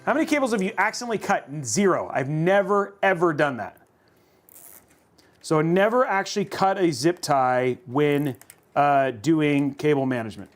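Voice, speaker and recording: A man's voice: fairly high pitch, lively intonation, moderate pace. A man hosting a livestream, chatting casually and thinking aloud while building a computer. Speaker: host.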